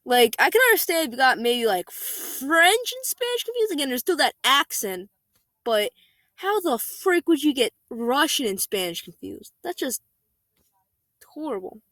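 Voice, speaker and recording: A woman's voice: sits high, sing-song, unhurried, sharp tone, no echo. A woman reading an online story aloud in a casual, chatty way, breaking into exasperated rants full of "like". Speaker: story reader.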